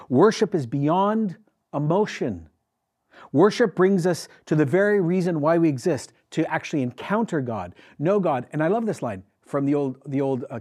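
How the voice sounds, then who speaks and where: A male pastor delivers a sermon with lively, swinging intonation. His voice sits a little high and carries a husky edge. He talks emphatically and keeps turning to his congregation with questions. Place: church with a congregation.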